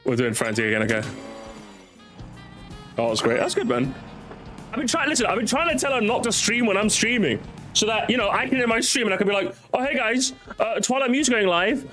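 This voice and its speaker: An excitable young man on a game stream, his voice swinging widely up and down, a little higher than most men. He rattles on, swears and repeats phrases in quick bursts. Game music plays clearly behind him. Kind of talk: casual gaming stream chatter.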